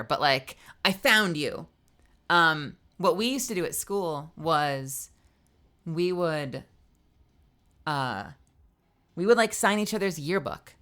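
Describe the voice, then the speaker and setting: A woman in her thirties, a streamer chatting casually with viewers, outspoken and swearing freely, with lots of "like" fillers and an animated delivery. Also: mid-range voice. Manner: animated, swings between quick bursts and drawn-out phrases. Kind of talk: casual live-stream chat, answering viewers.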